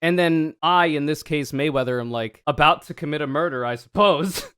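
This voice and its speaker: A man streaming a reaction to another video, talking casually with sarcastic, animated commentary and free swearing. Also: on the high side, moderate pace, clean tone.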